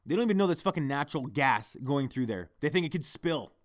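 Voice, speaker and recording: A man's voice: a little high, animated, fast talker. A man hosting a solo podcast, ranting heatedly and swearing constantly into his microphone. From Canada. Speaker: podcast host.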